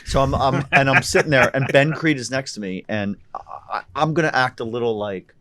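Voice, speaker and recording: A man, a comedian, telling stories in a casual podcast chat, animated and tripping over his words. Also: medium pitch, a little fast.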